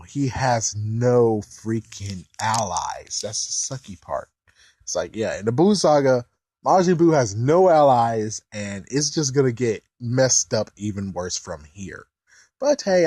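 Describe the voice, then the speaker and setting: Excitable man chatting about an episode. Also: mid-range voice, no echo. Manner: excitable, chuckling, casual swearing. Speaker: anime reaction host. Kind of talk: casual episode commentary.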